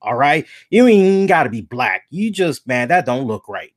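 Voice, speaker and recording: A man's voice: mid-range voice, big pitch swings, normal speed, dry recording, clean studio sound. A man hosting a casual commentary show, talking bluntly and animatedly and swearing freely, hiccuping a little after some beer. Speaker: podcast host.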